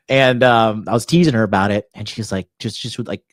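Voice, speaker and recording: A man's voice: on the low side, fairly quick, hardly any pauses, no room sound, studio quality. A man hosting a dating talk show, telling a crude story in a brash, swaggering way, full of swearing. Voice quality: profane, brash, swaggering delivery. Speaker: dating coach and podcast host. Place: Tokyo.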